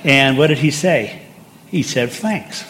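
A man's voice: mid-range voice, unhurried, slight background noise. Older male pastor, chatty sermon. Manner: conversational and anecdotal, with asides.

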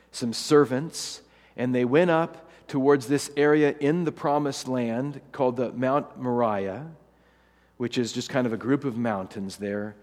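Male preacher, mid-pitched, lively humorous storytelling, long church reverb. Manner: animated, humorous storytelling with acted quotes. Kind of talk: sermon.

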